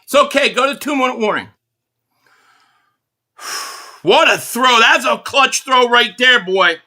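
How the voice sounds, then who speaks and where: A man from the Philadelphia area hosting a live football reaction stream, calling plays as an excited fan and reading out viewer donations. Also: extremely high pitch, a little slow, pauses often. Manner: excitable fan commentary, reading out super chats.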